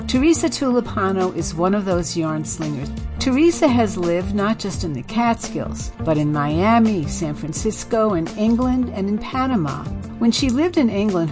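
A woman hosting a radio interview show, asking her guest questions in a measured, friendly way. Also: mid-range voice. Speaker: radio host.

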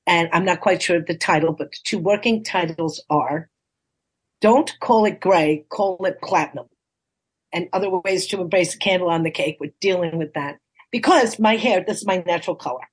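A woman in her sixties, a life coach and author, chatting in an interview and telling stories with lively acted-out quotes. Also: lowish voice, normal speed, husky. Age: 60s. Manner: chatty, animated storytelling, acts out quoted voices. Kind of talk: casual interview chat.

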